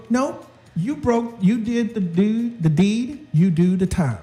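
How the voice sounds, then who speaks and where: A middle-aged man co-hosting a casual chat show, animated and joking, acting out quotes. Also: sits high, normal speed, soft background music, low-quality recording. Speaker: co-host.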